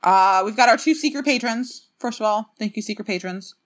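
A woman co-hosting a podcast remotely, chatting casually with jokey asides. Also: on the high side. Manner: bubbly, jokey, fast asides. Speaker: podcast co-host. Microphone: remote recording, separate apartments.

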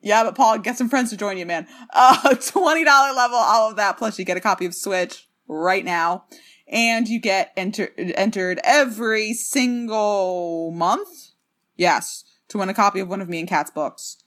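Woman, podcast co-host, bubbly, jokey, bright tone. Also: mid-range voice. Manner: bubbly, jokey, fast asides. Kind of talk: casual podcast chat. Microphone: remote recording, separate apartments.

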